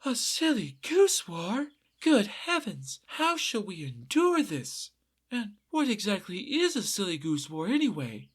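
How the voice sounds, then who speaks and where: A scatterbrained, nervous peasant wife, as a male narrator puts her on. She frets in a raised, softened voice, questions drifting off half-finished. The delivery stays slow and wavering. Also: sits high, voice pushed up, exaggerated voice. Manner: dithering, breathy questions trailing off. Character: dim, fretful peasant wife, easily startled.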